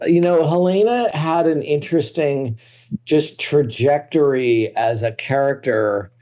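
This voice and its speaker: A man's voice: a little high, unhurried, dark tone. Rambling, thoughtful man. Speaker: guest TV creator. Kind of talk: casual podcast interview.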